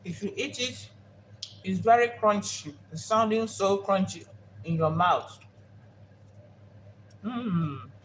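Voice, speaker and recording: A woman's voice: medium pitch, animated, slow, pauses often, slight background noise. A woman hosting a live cooking vlog, talking unhurriedly and repeating herself while she savors the food. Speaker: cooking show host.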